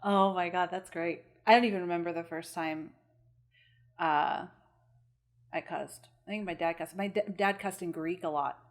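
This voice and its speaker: A woman's voice: fairly low pitch, moderate pace. A woman co-hosting a podcast, talking casually as a mother, laughing often and swearing for emphasis. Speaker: podcast co-host. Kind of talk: casual chat.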